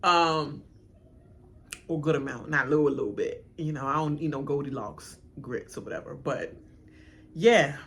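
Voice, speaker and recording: A woman's voice: low-pitched, moderate pace, pauses often, a little hiss or hum. A woman hosting a reaction video, ranting casually and animatedly straight to her viewers in slangy, laughing chatter. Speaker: reaction channel host.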